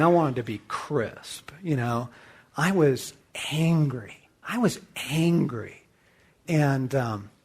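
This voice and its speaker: A middle-aged man hosting a talk to men, telling a movie story with lively acted-out dialogue. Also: fairly high pitch. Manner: animated storyteller acting out dialogue. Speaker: host. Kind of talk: casual teaching talk to men.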